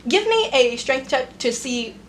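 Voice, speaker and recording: A woman narrating as game master of a tabletop game, describing scenes quickly with fillers. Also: high-pitched, sing-song, a little hiss or hum.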